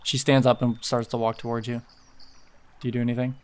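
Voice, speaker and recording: A man narrating a tabletop game as game master, in a relaxed, hesitant way. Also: medium pitch, fairly quick, clean tone.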